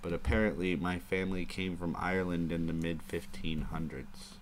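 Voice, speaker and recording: A man's voice: sits low, steady tone, normal speed, slight background noise. A man hosting a live stream, rambling casually in a crude, joking way. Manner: rambling and crude, prone to chuckling asides.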